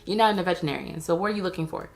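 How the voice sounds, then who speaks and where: A woman's voice: on the low side, very fast, gravelly. A woman giving a casual, sarcastic recap of a TV episode, chatty and full of slang. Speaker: TV recap vlogger.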